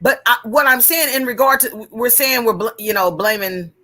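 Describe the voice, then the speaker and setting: A woman's voice: fairly high pitch, normal speed, pushed and bright. A woman co-hosting a casual podcast discussion, hesitant and restarting her sentences. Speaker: podcast co-host.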